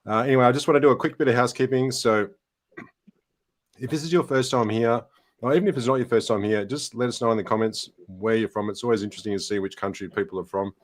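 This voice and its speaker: A man hosting a live-stream interview, talking in a relaxed, friendly way with some fillers. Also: mid-range voice, quick pace. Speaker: podcast host. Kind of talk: casual live-stream chat.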